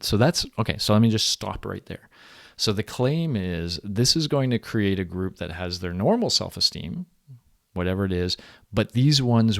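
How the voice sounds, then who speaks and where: A man lecturing in a relaxed, conversational way, his voice sitting on the low side. The sound is close and dry, with no room around it. He stumbles and restarts as he explains. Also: gravelly, dry recording. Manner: conversational, acts out quoted people animatedly. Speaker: university lecturer. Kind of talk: recorded lecture.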